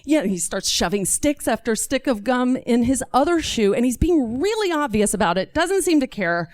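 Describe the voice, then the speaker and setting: A woman from Texas telling a comic personal story on stage, animated and acting out every voice. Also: a little high, moderate pace, no echo, studio quality.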